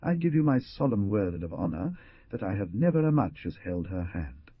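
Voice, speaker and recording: A man voicing a nervous, evasive young gentleman who protests earnestly and quickly, heard with a dull lo-fi sound. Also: fairly low pitch, big pitch swings, creaky, husky, dry recording, full character voice. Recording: dull lo-fi dry recording.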